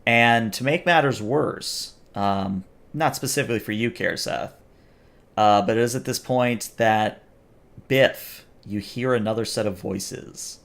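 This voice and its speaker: Male game master, lowish voice, measured descriptive narration for a tabletop session. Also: vocal fry, fairly bright tone. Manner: slow, deliberate descriptive narration.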